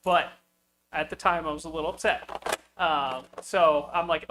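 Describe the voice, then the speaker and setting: A man's voice: fairly high pitch, fairly even intonation, measured pace, background noise. A man hosting a car-building video, telling a story casually with lots of fillers and chuckles. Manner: rambling, with frequent fillers and chuckles.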